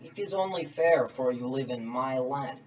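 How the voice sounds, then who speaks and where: A man's voice: mid-range voice, expressive, normal speed, darkish tone, slight background noise, natural voice. A man playing a greedy, pompous male tsar in a put-on Russian accent, haughty and speaking clipped broken English. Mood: smug. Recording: distant mic, dull and lo-fi.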